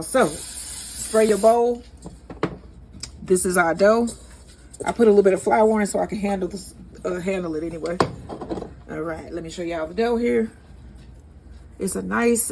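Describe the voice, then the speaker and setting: A St. Louis woman hosts a laid-back home cooking video from her kitchen, calling her viewers y'all and laughing at herself. Her voice is medium-pitched, creaky, and a little mellow, captured on a noisy home recording.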